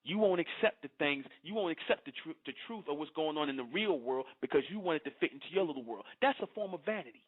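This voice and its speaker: A man's voice: a little high, lively intonation, quick pace, few pauses. Confrontational man on tinny phone audio. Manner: confrontational, repeats "you understand?". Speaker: online speaker addressing followers. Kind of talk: preachy monologue.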